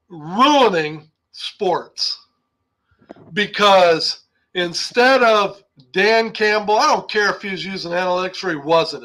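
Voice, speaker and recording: A man's voice: high voice, sharp tone, low-quality recording. An older man co-hosting a sports talk show, ranting heatedly about a game. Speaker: podcast co-host.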